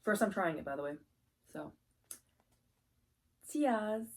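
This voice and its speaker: Soft husky woman, mellow eating vlog. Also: mid-range voice, lively intonation, takes it slowly. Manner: soft-spoken, giddy and appreciative between bites. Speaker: mukbang host. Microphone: close mic picking up eating sounds.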